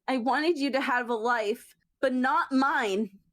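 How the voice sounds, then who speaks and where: A woman voicing a fierce, grieving mother cat in a roleplay, firm and steady. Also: high-pitched, takes it slowly, no room sound. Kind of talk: voice-acted roleplay.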